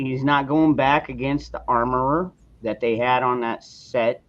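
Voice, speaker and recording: A man's voice: mid-range voice, fairly even intonation, unhurried. A man hosting a casual live chat forum, talking bluntly and rambling, with frequent swearing. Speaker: host of a call-in forum. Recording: dull lo-fi sound.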